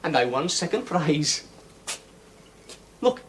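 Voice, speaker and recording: A blunt, hot-tempered young Welsh miner. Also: male voice, on the high side, big pitch swings, slow pace, fairly bright tone, a little hiss or hum, exaggerated voice. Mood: warm. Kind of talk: 1970s television period drama.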